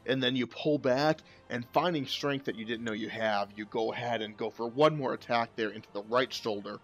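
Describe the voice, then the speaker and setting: A man running a tabletop game as game master, narrating casually with plenty of fillers and quick laughs. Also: medium pitch, fairly bright tone.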